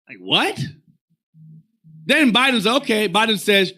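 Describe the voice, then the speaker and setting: High, bright-voiced man directing a reading. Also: unhurried, pauses often. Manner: animated, rambling, directs the reader. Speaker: religious class teacher. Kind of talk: casual teaching talk.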